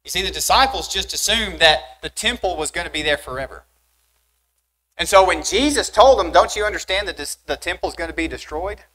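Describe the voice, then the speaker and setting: Animated young preacher man, emphatic. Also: sits high, fairly quick, a little hiss or hum, rough recording. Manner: animated, rising emphatic delivery with rhetorical questions. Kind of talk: sermon. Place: church sanctuary.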